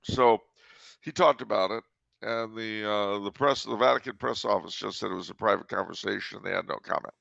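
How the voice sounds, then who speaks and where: A man's voice: on the low side, brisk, gravelly, a bit bright, no room sound, muffled recording. A man hosting a casual podcast chat, talking in a dry, teasing way and breaking into sung jokes. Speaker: podcast host.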